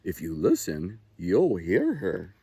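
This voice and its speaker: A man's voice: low-pitched, wildly swooping pitch, takes it slowly, mellow, slightly rough, dry recording, voice pushed down, heavily acted. A man voicing a kind young fawn in a storybook reading, friendly and encouraging.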